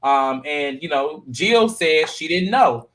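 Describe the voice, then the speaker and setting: A man hosting a casual panel chat, animated and jumping into high voices to act out quotes. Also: slow pace. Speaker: podcast panel host recapping a reality show.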